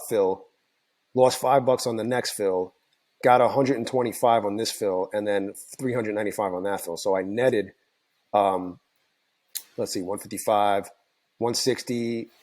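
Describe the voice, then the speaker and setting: A man with a tired, hoarse voice, casually recapping his day's trades for his channel, rambling and correcting himself as he goes. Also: fairly low pitch, a little mellow. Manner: rambling, self-correcting, many fillers. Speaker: trading channel host. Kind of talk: casual screen-share recap.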